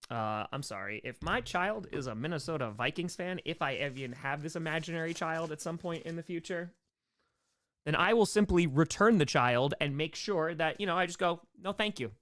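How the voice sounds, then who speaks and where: A man with a New York accent hosting a casual live stream Q&A, reading fan mail and viewer questions, excitable, repeating his thanks and shouting hype lines. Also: a little high, moderate pace.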